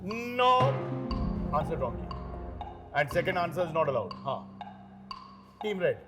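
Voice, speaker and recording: A man's voice: fairly high pitch, sing-song, measured pace, over loud music. A man hosting a quiz show, teasing the teams with joking asides between questions. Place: TV studio.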